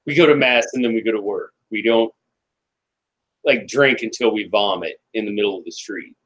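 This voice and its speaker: An American man co-hosts a casual podcast, laughing often, retelling scenes in put-on voices and swearing bluntly. His voice is on the low side and a bit bright, at normal speed, on a low-quality recording.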